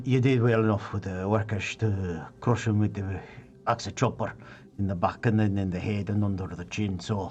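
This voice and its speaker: Brief: man voicing a blunt Scottish-accented dwarf fighter for a tabletop game, low and slow-spoken. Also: a little hiss or hum. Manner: blunt, clipped, swallowed words. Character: gruff male dwarf clan warrior.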